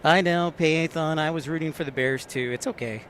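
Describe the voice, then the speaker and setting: A man's voice: fairly high pitch, moderate pace, a bit bright, a little hiss or hum. A man hosting a casual live stream, joking around and answering viewers' chat messages. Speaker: livestream host.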